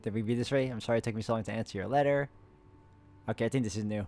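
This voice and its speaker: A man's voice: on the low side, rapid-fire, darkish tone, faint music behind. A man hosting a co-op puzzle game playthrough, casually reading in-game letters aloud and chatting with a friend between them. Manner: reads letters plainly, breaks off to chat and laugh. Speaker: host, playing a co-op puzzle game.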